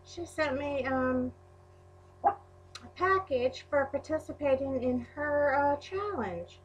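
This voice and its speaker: A woman vlogger opens a package of craft supplies, gushing and exclaiming over every piece. She talks slowly in a slightly high voice. A faint hum sits under the recording. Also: lively intonation, poor audio. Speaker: crafting YouTuber. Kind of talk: unboxing a mail package on camera.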